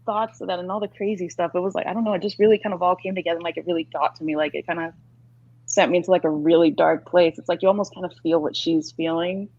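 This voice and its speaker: Woman co-host, husky, low-ish voice, rambling chat, muffled lo-fi mic. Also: steady tone, quick pace, darkish tone. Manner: rambling, lots of filler words. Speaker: podcast co-host. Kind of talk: casual chat.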